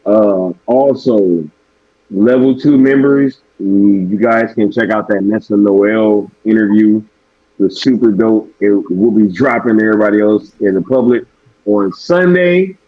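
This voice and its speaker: Laid-back male streamer, low voice going hoarse, dry slightly dull sound. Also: unhurried, no room sound. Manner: laid-back, slangy, drifting off track. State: losing his voice. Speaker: live stream host. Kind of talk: casual live stream chat.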